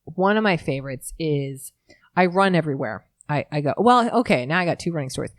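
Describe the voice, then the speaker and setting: Low-voiced woman telling quick, lively stories. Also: no room sound, studio quality. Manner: lively storyteller, quick and self-mocking. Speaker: guest, startup founder. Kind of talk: casual interview chat.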